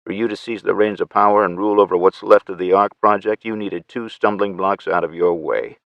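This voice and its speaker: A man narrating an audiobook in first person with measured, steady storytelling. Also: low-pitched, gravelly, no room sound, lo-fi sound.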